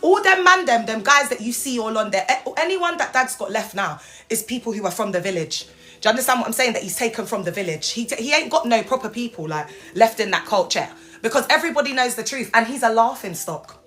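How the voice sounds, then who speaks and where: A woman's voice: a little high, lively intonation, fairly quick, a bit bright. A young woman hosting an unscripted livestream, mocking and taunting viewers and swinging between mock-proper speech and street slang. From United Kingdom. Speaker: livestream host. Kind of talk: unscripted live commentary.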